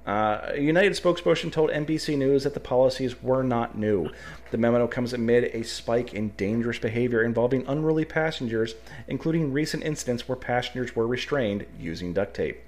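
A man co-hosting a podcast who reads news items aloud, then trades sarcastic, blunt remarks with some swearing. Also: mid-range voice. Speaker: podcast co-host. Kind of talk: reading news aloud, then casual banter.

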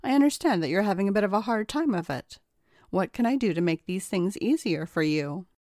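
A woman reading as a brisk, firm male judge. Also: medium pitch, expressive, darkish tone, no room sound, clean studio sound, lightly acted.

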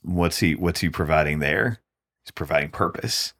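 A man's voice: low voice, normal speed, a bit bright. A man co-hosting a podcast, talking through a Bible passage in a thoughtful, reflective way. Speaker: podcast co-host. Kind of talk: casual Bible discussion.

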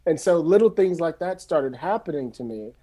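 A middle-aged man from San Francisco, a screenwriter telling his story in a loose, animated, casual way and swearing freely. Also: a little high, normal speed. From San Francisco, USA. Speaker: screenwriter guest.

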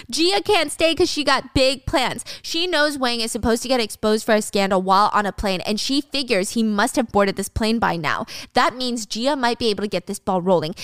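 A woman's voice: a little high, lively intonation, fairly quick, few pauses, fairly bright tone, clear, resonant tone, no echo. A woman casually retelling a drama plot in a chatty, slangy way into a close mic. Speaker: drama recap narrator. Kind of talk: casual story recap.

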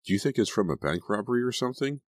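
A man's voice: on the low side, lively intonation, very fast, dry recording, clean studio sound, pitched above the performer's own voice, close to an everyday voice. A man voicing an honest, wary teenage girl. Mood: doubtful. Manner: earnest, wary.

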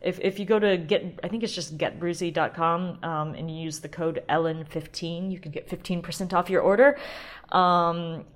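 A woman's voice: lowish voice, fairly even intonation, moderate pace. A woman hosting a casual solo podcast, chatty and rambling, often restarting and laughing. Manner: chatty, rambling, self-interrupting with frequent ums and laughs. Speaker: podcast host.

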